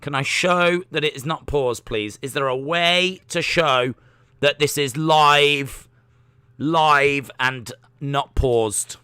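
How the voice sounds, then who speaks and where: Young guy streaming, bright punchy voice, dry close sound, chatty and jokey with the chat. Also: a little high, slow, clear, resonant tone, no room sound. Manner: chatty and self-mocking, reads chat aloud with jokey asides. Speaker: livestream host. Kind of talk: casual watch-along commentary.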